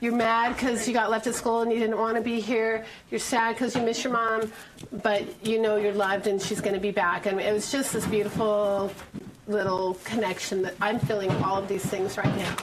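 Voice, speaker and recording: A woman's voice: mid-range voice, flat delivery, moderate pace, noisy background. A woman preschool teacher telling classroom stories in an interview, in a heartfelt storytelling manner. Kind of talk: interview recounting classroom moments.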